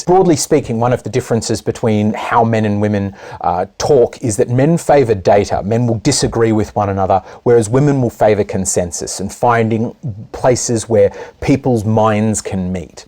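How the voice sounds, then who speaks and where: A man, a corporate trainer, talking straight to camera in a video essay, with emphatic swings of pitch and loudness that sometimes drop to a soft, hushed tone. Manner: drops to a soft, hushed tone for contrast.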